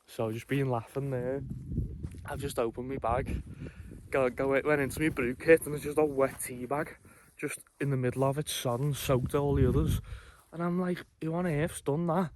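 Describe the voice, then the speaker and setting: A man's voice: medium pitch, steady tone, moderate pace, background noise. A man, chatting casually and rambling a little to camera at a mountain camp in the morning. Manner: chatty, rambling, self-deprecating. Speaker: camping vlogger. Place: outdoors on a mountain campsite.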